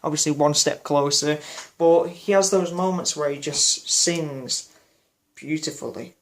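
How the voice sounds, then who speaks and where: A man's voice: on the high side, a little slow. A man giving an unscripted personal reflection for his vlog, rambling and hesitant with many fillers and restarts. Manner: apologetic about memory slips. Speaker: music vlogger.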